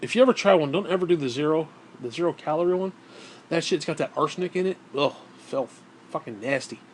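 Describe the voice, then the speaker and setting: A man's voice: a little high, expressive, fast, a little hiss or hum. A man vlogging, telling a story in a casual, rambling way, swearing often and sounding exasperated.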